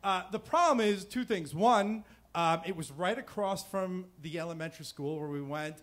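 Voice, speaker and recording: A man in his thirties from New Jersey tells a personal story on stage in a fairly high voice. He talks casually and rambles, with plenty of fillers and restarts. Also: normal speed, a bit bright. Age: 30s. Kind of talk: live storytelling. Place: stage before a live audience.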